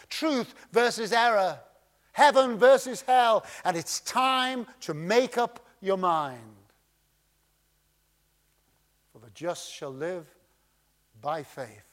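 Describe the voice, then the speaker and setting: A preacher delivering a sermon in a voice that sits very high for a man. He reads scripture at a slow, deliberate pace. He swings dramatically between ringing emphasis and hushed, quiet phrases.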